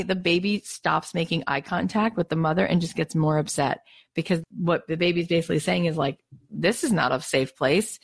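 A woman giving an earnest, animated mindfulness talk, acting out the voices she quotes. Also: low voice, brisk, dry recording, clean studio sound. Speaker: self-help speaker.

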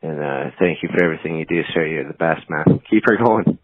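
Man from Canada, very deep voice, tinny phone-line voicemail, halting and heartfelt, dry sound. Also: no room sound. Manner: heartfelt, halting, with many pauses and fillers. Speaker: caller. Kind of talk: voicemail to a podcast.

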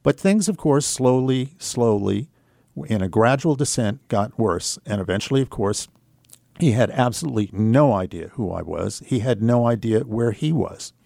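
An older man telling a personal story on talk radio in a measured, reflective way, with hesitant pauses and fillers. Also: mid-range voice, lively intonation, creaky, dark tone, no room sound, clean studio sound. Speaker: radio guest.

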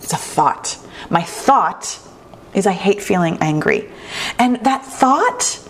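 A woman hosting a solo talk, speaking earnestly and reflectively, slow and deliberate with lively asides. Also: mid-range voice, a little hiss or hum.

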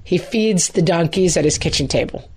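A woman in her thirties co-hosting a casual podcast chat, telling stories in a wry, animated way. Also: lowish voice, moderate pace, breathy edge. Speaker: podcast co-host.

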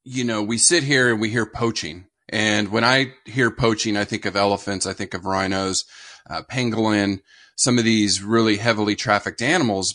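A man's voice: lowish voice, fairly bright tone. A man from the United States hosting a podcast interview, asking questions casually with lots of filler words. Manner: casual, many "you know" fillers. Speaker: podcast host.

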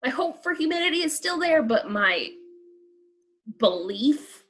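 A woman co-hosting a podcast, chatty and animated, swearing freely with plenty of fillers. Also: high voice, unhurried. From United States. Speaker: podcast co-host. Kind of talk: casual chat.

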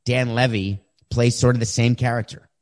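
A man hosting a talk show monologue, wry and emphatic, moving between quick asides and slow, deliberate points. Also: mid-range voice, level tone. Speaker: show host. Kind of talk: monologue commentary. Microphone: camera setup.

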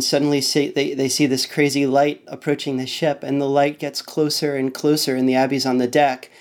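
A man who is a podcast guest, retelling a story in a rambling, hesitant way with many restarts. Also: fairly high pitch. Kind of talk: casual conversation, retelling a story.

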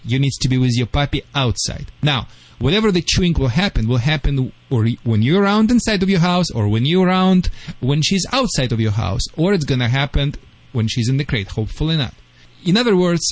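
A dog trainer with a Russian accent and a mid-range voice answers callers on a radio call-in show, giving lively advice in slightly broken English. The recording has no echo but is low quality.

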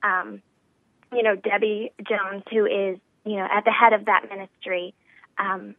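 A woman guest, a pastor's wife, chatting warmly and effusively on a phone call, with lots of "you know" and laughter. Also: mid-range voice, level tone, unhurried, no room sound. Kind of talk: casual interview chat. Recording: tinny dry phone line.

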